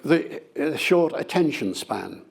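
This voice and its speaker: An older man, a linguist being interviewed, answering in a lively, conversational way with playful demonstrations. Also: a little high, slow pace, gravelly, slightly rough.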